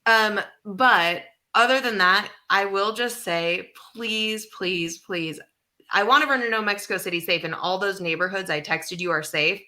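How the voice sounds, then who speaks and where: A woman co-hosting a comedy podcast, chatting casually in an animated, teasing way. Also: medium pitch, moderate pace, hardly any pauses. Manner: animated, teasing, talks through her feelings. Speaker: podcast co-host.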